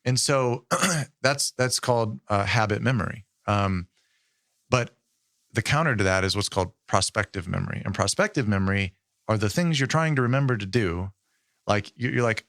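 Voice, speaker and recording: A man in his thirties co-hosting a podcast, explaining things in a measured, casual way with frequent ums. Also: on the low side, a bit bright, dry recording, studio quality. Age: 30s. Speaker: podcast co-host. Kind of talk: casual chat.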